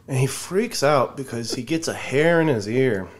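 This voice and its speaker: A man's voice: on the high side, moderate pace, pauses often. A man telling a story in casual chat, acting out what people said, with a lot of swearing. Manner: animated, swears a lot, acts out quotes.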